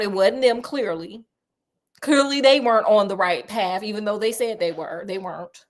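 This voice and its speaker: A woman's voice: mid-range voice, normal speed. A woman host retelling a classic detective story in a casual, slangy, playful way with chatty asides to a friend.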